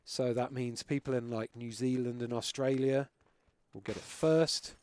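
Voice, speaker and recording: A man's voice: medium pitch, steady tone, a little slow, a little mellow, dry recording. Dry-voiced British man streaming games. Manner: chatty, swears freely, jokey. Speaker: game streamer. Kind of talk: casual chat while gaming live.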